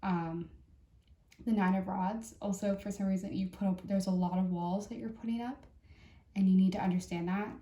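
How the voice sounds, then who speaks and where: A woman giving a casual tarot reading in a chatty, halting way, full of fillers and restarts. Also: mid-range voice, fairly even intonation, mellow, reverberant. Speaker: tarot reader.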